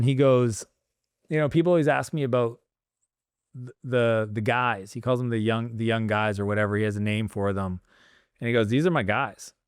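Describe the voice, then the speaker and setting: A man's voice: mid-range voice, clear, resonant tone, no room sound, clean studio sound. A man in his forties, a guest on a podcast, talking casually and acting out bits of dialogue as he tells stories. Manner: animated storytelling, acts out dialogue. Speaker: guest entrepreneur.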